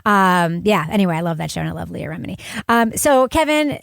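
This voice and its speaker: Smooth-voiced woman podcast host. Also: fairly low pitch, very animated, a little fast, no room sound, clean studio sound. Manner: chatty, emphatic, blunt opinions. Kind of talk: casual panel chat.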